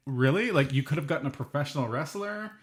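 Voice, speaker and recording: A man's voice: a little high, lively intonation, fast. A man co-hosting a podcast, chatting casually and earnestly arguing for what he likes. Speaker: podcast co-host. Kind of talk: casual chat.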